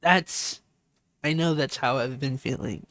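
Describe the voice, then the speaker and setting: A man's voice: medium pitch, measured pace, fairly bright tone, no echo. A man streaming, talking in a rambling, sincere way, full of "like" and "you know" and repeated phrases. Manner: sincere and open. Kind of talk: casual heartfelt stream talk.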